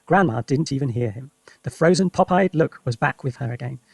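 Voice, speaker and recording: A man reading a children's story aloud for English learners with lively, expressive narration. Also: medium pitch, fairly quick, vocal fry, husky, dry recording. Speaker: reader.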